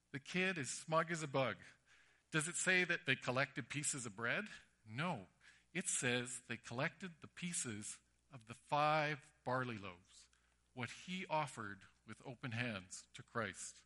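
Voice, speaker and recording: A man's voice: mid-range voice, measured pace. A man preaching a sermon, telling stories animatedly and acting out the voices. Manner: animated storytelling with acted-out voices.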